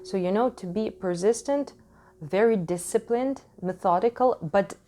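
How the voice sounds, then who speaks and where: At home in Switzerland, a woman who isn't a native English speaker gives a casual tarot reading into a desk microphone, with a slight hiss or hum on the recording. Her medium-pitched voice is warm and measured, and she talks frankly, swears freely and laughs a lot.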